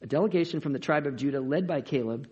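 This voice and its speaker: A man preaching a sermon as a pastor, in an energetic, conversational way with rhetorical questions, in a dull lo-fi recording. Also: on the high side, quick pace, breathy edge.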